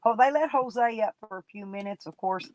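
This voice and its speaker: A woman's voice: mid-range voice, brisk, dry recording, highs cut off. A woman streaming live, chatting casually with her viewers and gossiping about people in her chat in folksy, colloquial talk.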